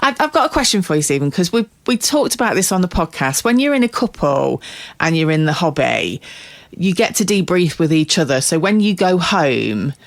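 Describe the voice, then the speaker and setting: A woman's voice: lowish voice, very animated, normal speed. A woman co-hosting a podcast in casual chat, asking long, probing questions. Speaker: podcast co-host.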